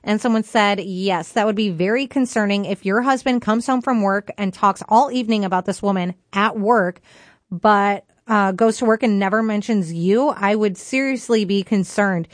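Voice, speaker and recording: A woman's voice: mid-range voice, moderate pace, no echo, studio quality. A woman co-hosting a radio talk show, chatting and reading listener comments aloud. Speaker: radio co-host.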